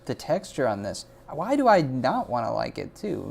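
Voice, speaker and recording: A man hosting a casual livestreamed portfolio review, excitable and jokey, gushing over the artwork. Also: mid-range voice, normal speed, creaky, hardly any pauses. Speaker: host of a portfolio review stream.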